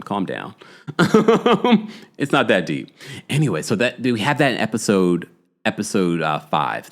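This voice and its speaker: A man hosting a live reality TV recap stream, chatting casually and reading out viewer comments. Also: fairly low pitch. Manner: chatty and animated, with frequent fillers and asides to viewers. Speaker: host of a reality TV recap livestream.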